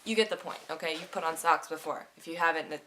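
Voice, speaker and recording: A young woman vlogging to her webcam at home, hoarse from a cold, telling a rambling comic story in an animated, self-mocking way that swings between loud and quiet. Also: deep voice, fast.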